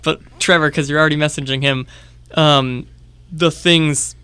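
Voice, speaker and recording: A young man co-hosting a casual radio show, reacting quickly and laughing easily. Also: on the high side, steady tone, pushed and bright, clean tone, dry recording. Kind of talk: casual chat. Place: small radio studio. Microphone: headphones and studio microphone.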